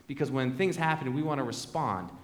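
A man's voice: medium pitch, expressive, fairly quick. A man preaching a sermon as pastor, conversational and fond of repeated refrains, in a large church sanctuary. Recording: echoey hall with long reverb.

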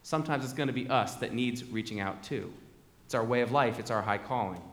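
A man's voice: mid-range voice, fairly quick, a bit bright. A man preaching a sermon as pastor, conversational and fond of repeated refrains, in a large church sanctuary. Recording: echoey hall with long reverb.

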